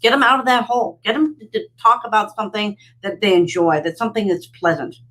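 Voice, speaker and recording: Woman guest, plain mid-pitched voice, blunt and to the point. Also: fast talker, a bit bright, rough recording. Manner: blunt, direct, matter-of-fact. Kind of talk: casual chat.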